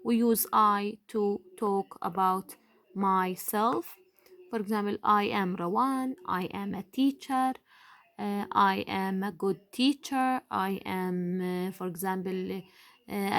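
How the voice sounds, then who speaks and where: A young woman teacher giving a patient, deliberate lesson to young children, stretching out key words for emphasis. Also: mid-range voice. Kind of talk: slow, deliberate classroom explanation.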